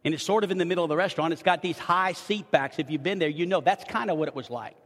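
Male pastor, middle-aged, lively storytelling sermon, fairly high voice, trailing reverb of a big church. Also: quick pace. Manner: animated storyteller, frequent restarts and repeated words. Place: church sanctuary.

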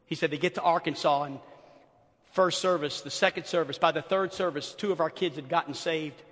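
A middle-aged man preaching a sermon as pastor, swinging from hushed murmurs to shouted emphasis and acting out the people in his stories. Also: a little high, fairly quick. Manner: animated storyteller acting out quoted speech. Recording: long reverb of a large church hall.

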